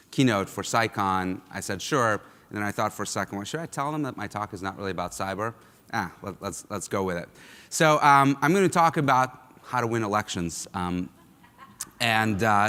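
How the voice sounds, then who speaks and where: A low-pitched man from Russia delivers a keynote talk in a large lecture hall. His voice is smooth and resonant, and it carries a long hall reverb. He speaks conversationally, with lots of ums and uhs. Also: pushed and bright.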